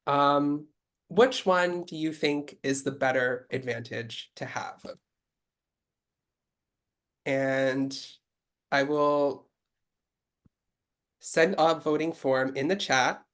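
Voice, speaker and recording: Brisk host of an online game. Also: medium pitch, a bit bright. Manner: brisk, businesslike rule-giving. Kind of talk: hosting an online game over video call. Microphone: video call.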